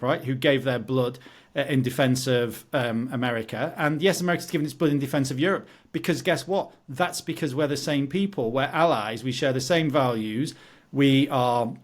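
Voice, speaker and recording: A British man talks politics on a casual podcast at an everyday middle pitch. He is blunt and jokey, and he turns heated when he argues. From United Kingdom. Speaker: podcast co-host.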